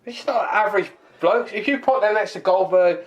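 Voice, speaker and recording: A man's voice: high voice, brisk, lo-fi sound. A man, co-hosting a casual wrestling podcast, jokey and laughing often. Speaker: podcast co-host. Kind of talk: casual chat.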